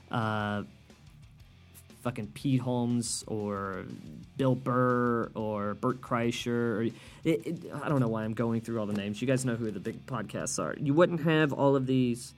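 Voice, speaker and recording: A man hosting a solo comedy podcast, ranting with heavy profanity and doing mocking impressions. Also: medium pitch. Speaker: podcast host.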